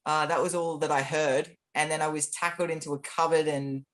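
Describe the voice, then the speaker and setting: A man speaks as an interview guest, recounting his own experiences. His delivery is candid and matter-of-fact. He pauses on frequent ums and restarts his sentences as he goes. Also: on the high side, flat delivery, a bit bright. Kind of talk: personal storytelling in an interview.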